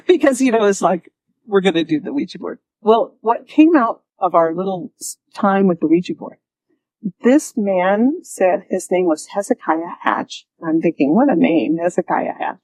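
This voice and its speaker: Here the guest storyteller speaks at a middle pitch and a slightly quick pace, animated throughout, laughing frequently and performing the voices of people she quotes. The conversational interview is captured in a dry, close, echo-free recording of low quality.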